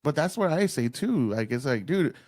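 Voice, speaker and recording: A man from Texas hosting a casual podcast chat over a video call, laid-back and profane, telling stories with lively put-on voices. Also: fairly high pitch, normal speed, dry recording. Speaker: podcast host.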